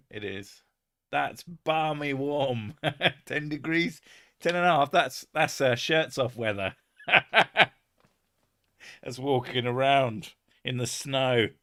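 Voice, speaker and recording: A man's voice: mid-range voice, a bit bright. An English man chatting casually on a live stream, swearing often and laughing as he rambles. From England.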